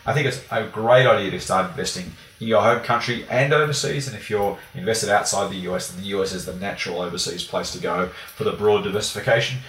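Australian man, guest analyst, quick speech, low voice, echoey distant recording. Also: fairly bright tone. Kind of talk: conversational explanation.

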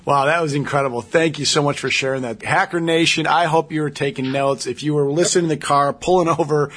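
Husky upbeat podcast host, a man. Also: a little high, steady tone, quick pace, fairly bright tone. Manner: upbeat, enthusiastic. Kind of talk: podcast hosting with sponsor read.

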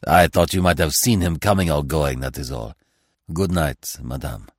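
A man reading aloud, voicing a fastidious older male Belgian detective who speaks curtly and drops French words. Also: a bass voice, dry recording, studio quality, voice pushed down. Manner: curt, commanding, sprinkled with French.

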